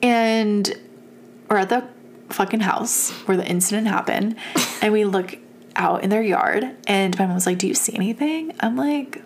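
A woman's voice: medium pitch, moderate pace. Young woman ranting a wild story, swears a lot, laughs a ton, bit of hiss in the background. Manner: animated, profane, laughs often. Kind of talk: casual storytelling chat.

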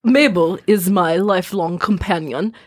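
A woman's voice: fairly low pitch, measured pace. A woman voicing a proud, touchy male mask-seller in a put-on Russian accent, speaking in broken merchant patter, in a tabletop game. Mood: haggling. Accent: fake Russian, put on.

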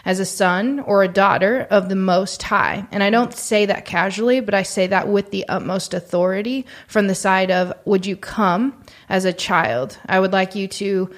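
A woman's voice: mid-range voice, fairly even intonation. Earnest woman leading a faith podcast. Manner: earnest, encouraging, speaks slowly when leading prayerful moments. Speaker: podcast co-host. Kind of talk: faith-based podcast chat with guided breathing.

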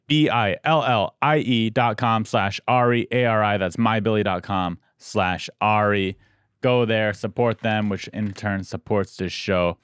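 Smooth low-voiced man reading an ad. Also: a bit bright, dry recording, studio quality. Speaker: podcast host. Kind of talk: read ad and casual banter.

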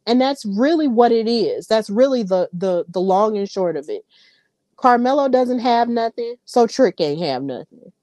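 A woman's voice: mid-range voice, a little mellow, no room sound. A woman hosting a podcast, giving casual, opinionated wrestling commentary straight to her listeners. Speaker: podcast host.

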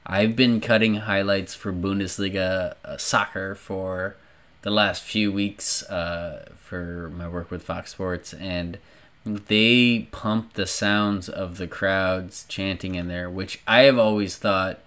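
A man talking as a podcast guest, rambling and animated, swearing freely. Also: sits low, slow pace. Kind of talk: casual chat.

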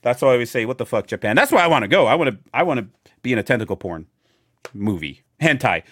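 A man's voice: medium pitch, sing-song, quick pace, fairly bright tone, no room sound. Laughing, rambling man on a dry mic. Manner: joking, rambling, laughs often. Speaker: podcast co-host. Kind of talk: casual chat.

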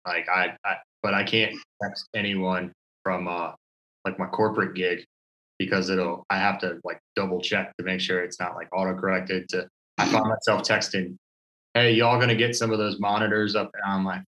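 A man chatting casually, halting and full of likes and restarts. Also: sits low, flat delivery, pushed and bright, low-quality recording. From American South. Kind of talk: casual chat.

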